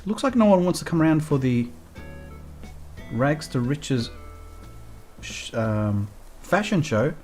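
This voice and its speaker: A woman's voice: low voice, very animated, slow pace, long pauses, a little mellow, faint music behind. A woman talking casually on a live game stream, chatty and thanking her viewers as she plays.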